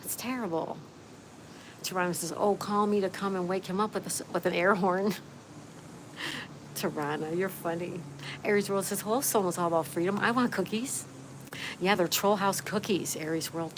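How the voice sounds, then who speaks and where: A woman's voice: lowish voice, moderate pace, long pauses, slight background noise, low-quality recording. A woman hosting a casual livestream outdoors, reading viewers' comments aloud and chatting back to them in a friendly way. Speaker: livestream host. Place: outdoors, with a view.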